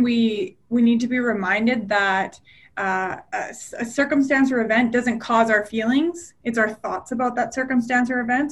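A woman with a slightly high voice talks in an easy, conversational way. She tells personal stories with animation and slips into other voices when she quotes people. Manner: animated storyteller, acts out quoted dialogue. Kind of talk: casual chat.

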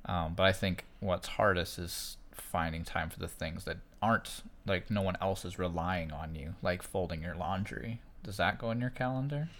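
A parent co-hosting a casual podcast, telling everyday stories with animation and frequent laughter. The voice sits very low in pitch and is picked up close on a studio podcast mic. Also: moderate pace, few pauses. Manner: animated storytelling, laughs often.

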